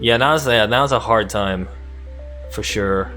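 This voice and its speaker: A man co-hosting a relaxed podcast conversation from Japan. He laughs easily and often stops to restart his thoughts. Faint music plays underneath. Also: on the low side, slow pace. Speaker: podcast host. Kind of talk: casual chat. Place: lives in Japan.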